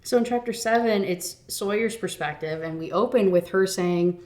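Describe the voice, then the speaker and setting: A woman's voice: medium pitch, normal speed, hardly any pauses, a little mellow. Young woman ranting about a book. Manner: chatty, swearing, full of "like". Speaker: book reviewer. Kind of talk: casual rant review.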